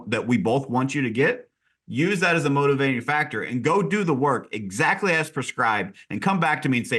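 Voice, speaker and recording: A middle-aged man hosting a casual podcast interview, an animated storyteller who acts out conversations. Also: fairly quick. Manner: animated storyteller, acts out dialogue with big pitch jumps. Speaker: podcast host and real estate coach.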